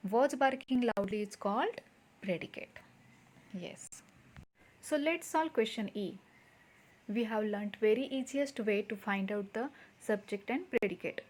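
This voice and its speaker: A woman's voice: on the high side, darkish tone. A woman teaching a grammar lesson to schoolchildren, patiently repeating points and quizzing the class.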